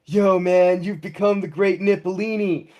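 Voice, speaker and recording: A man's voice: sits high, steady tone, moderate pace, darkish tone, highs cut off, voice pushed up, lightly acted. A man doing a laid-back stoner capybara. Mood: mellow.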